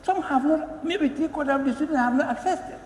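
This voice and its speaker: A man speaks in a strikingly high voice, emphatic and pleading as he addresses parliament. He stumbles and repeats words before pressing his point. The room rings with a long, roomy reverb and faint ambience behind him. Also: brisk, a little mellow, slight background noise. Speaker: member of parliament. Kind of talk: parliamentary speech. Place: parliament chamber. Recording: echoey chamber with long reverb.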